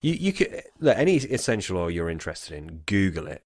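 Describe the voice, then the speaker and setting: A man's voice: deep voice, very animated, a little fast, darkish tone, dry recording, clean studio sound. A drunk man co-hosting a podcast in casual chat, rambling and swearing as he goes off on tangents. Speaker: podcast co-host.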